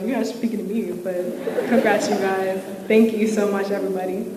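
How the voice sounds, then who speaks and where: A woman's voice: medium pitch, steady tone, fast talker. A young woman giving an inspirational, faith-filled commencement speech, casual and emotional, with many fillers. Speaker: commencement speaker. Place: large hall at a ceremony. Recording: echoey hall with crowd noise.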